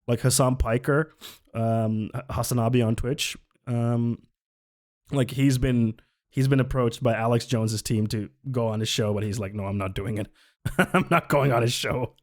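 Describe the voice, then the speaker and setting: A man's voice: medium pitch, a little mellow. A man streaming live, reacting to a video with incredulous, laughing commentary. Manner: incredulous, laughing between remarks.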